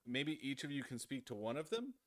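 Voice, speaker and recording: A man's voice: medium pitch, sing-song, fairly quick, fairly bright tone. A man hosting a casual livestream chat, enthusiastic and rambling, with lots of "like". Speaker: livestream host.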